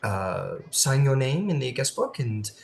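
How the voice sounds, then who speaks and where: A man's voice: mid-range voice, sing-song, a little slow, gravelly, a little hiss or hum. A man voicing a nervous, well-dressed female greeter at a gala, stammering with a faint French tinge. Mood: flustered. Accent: faintly French-tinged put-on. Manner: hesitant, stammering with many uhs.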